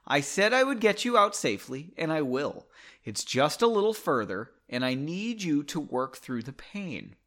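A man reading aloud and voicing a steady, reassuring young hero in his own novel. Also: a little high, normal speed.

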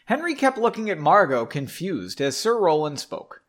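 Male podcast host, reading his own fiction aloud; wry asides, animated pitch. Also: moderate pace. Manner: self-interrupting, wry, rereads lines in new voices. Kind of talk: casual reading with joking asides.

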